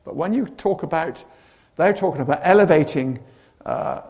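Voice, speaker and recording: A man's voice: on the high side, normal speed, vocal fry. A man preaching a sermon, telling stories with dramatic flair and humorous asides. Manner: animated storytelling with humorous asides.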